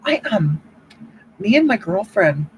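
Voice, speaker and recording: Very animated but at a measured pace, a performer riffs as a self-righteous older woman running a livestream, gushing and preaching about love while going through the chat. This improvised comedy bit rambles, keeps returning to "you know what?", and swoops in pitch. The recording is rough, with a little hiss or hum.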